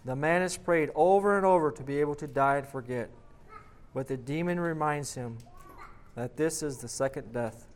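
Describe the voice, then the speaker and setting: A man's voice: on the high side, moderate pace. A man preaching, reading a dramatic story aloud and then leading a prayer, emphatic on repeated questions. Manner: emphatic, rising on rhetorical questions.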